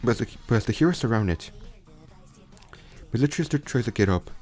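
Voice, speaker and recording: A man's voice: medium pitch, animated, brisk, darkish tone, soft background music. A young man casually retelling a fan story, rambling with frequent restarts and self-corrections.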